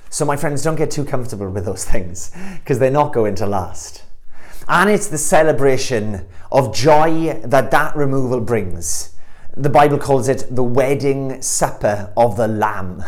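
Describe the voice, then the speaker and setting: A man preaching a sermon, earnest, swelling louder and slower on the key words. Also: mid-range voice, lively intonation.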